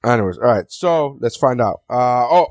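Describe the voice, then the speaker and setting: A man's voice: mid-range voice, expressive, normal speed, a little mellow, no echo, studio quality. A man co-hosting a casual podcast chat about films, blunt and opinionated, swearing freely. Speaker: podcast co-host.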